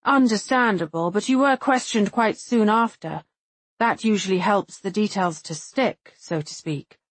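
A woman voicing a composed professional woman who asks smooth, musing, probing questions in an audiobook. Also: medium pitch, a little slow, dry recording, close to an everyday voice.

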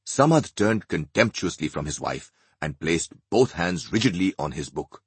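A man narrating an audiobook in a measured, expressive way. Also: sits low, husky, no echo.

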